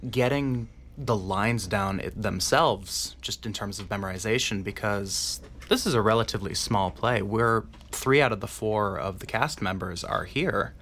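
A young male theatre student with a lowish voice answers in a steady, explanatory way. Faint room noise hangs behind him. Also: unhurried. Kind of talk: casual interview answers.

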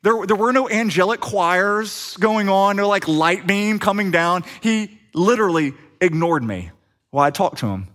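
A middle-aged man preaching, telling a personal story with lively acted-out dialogue. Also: sits high, normal speed. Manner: animated storyteller acting out quoted dialogue. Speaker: pastor. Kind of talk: sermon storytelling.

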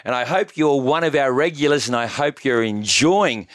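A man's voice: medium pitch, expressive, moderate pace, no room sound, studio quality. A man hosting a casual podcast interview, chatty and prone to laughing and telling stories. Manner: chatty, laughs often, storytelling. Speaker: podcast host.

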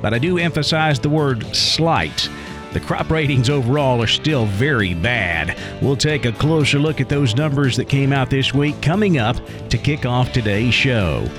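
A man's voice: mid-range voice, lively intonation, normal speed, over music. A man hosting a radio farm news show, delivering the script in a folksy, enthusiastic way.

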